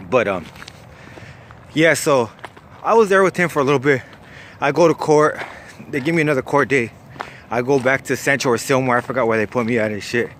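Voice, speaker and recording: A man's voice: medium pitch, a little fast, long pauses, slight background noise. A young man, casually telling a wild story, slangy and profane. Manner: profane, slangy, lively, laughs at his own story.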